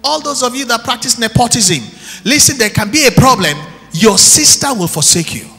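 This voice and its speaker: A man preaches with passion, swinging between shouted lines and hushed asides. His voice sits very high and rings bright and sharp. It is a live church recording with a long hall echo and faint music underneath. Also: lively intonation, moderate pace. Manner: impassioned preaching, shouting then dropping low. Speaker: pastor. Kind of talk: sermon.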